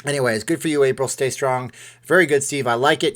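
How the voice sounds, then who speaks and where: A man with a fairly high, somewhat bright voice hosts a laid-back home stream at a moderate pace, speaking into a desk microphone before a webcam. He jokes and wanders off on tangents with viewers.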